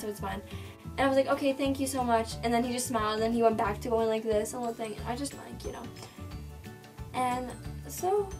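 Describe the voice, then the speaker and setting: A young woman vlogger tells a story quickly and breathlessly, her voice a little high. She fills her sentences with "like" and replays each line of dialogue. She is a bit far from the mic, with music clearly playing behind her.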